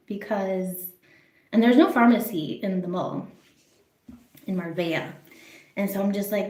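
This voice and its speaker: A woman telling a casual, rambling story on social media, excited and swearing often, in a busy mall. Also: medium pitch, moderate pace, long pauses, reverberant. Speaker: vlogger. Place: public place in a busy mall.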